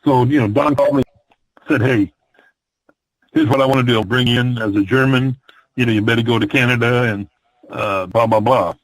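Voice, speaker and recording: An older man from the Midwest spins long rambling road stories about his wrestling days, full of ums and false starts. His voice sits at an ordinary pitch for a man, recorded close and dry with no room sound. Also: brisk, pauses often, no echo, poor audio. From American Midwest. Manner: rambling, many fillers and restarts. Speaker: retired pro wrestler, guest. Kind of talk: storytelling interview.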